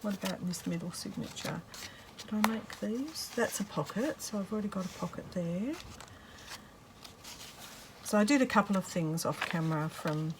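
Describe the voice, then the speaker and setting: A woman's voice: medium pitch, lively intonation, normal speed, background noise. A woman chatting casually as she works on a craft journal, rambling and breaking off with fillers. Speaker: craft vlogger. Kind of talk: casual chat while crafting.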